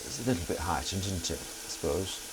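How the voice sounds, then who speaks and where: A man with a fairly low voice that swings up and down a lot rambles wryly to his viewers while doing the dishes. He chats as he works at a kitchen sink, with faint water and dish clatter behind him. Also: expressive, brisk, noisy background. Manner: chatty, wry, talks while doing chores. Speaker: live streamer washing dishes. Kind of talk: rambling casual chat to viewers.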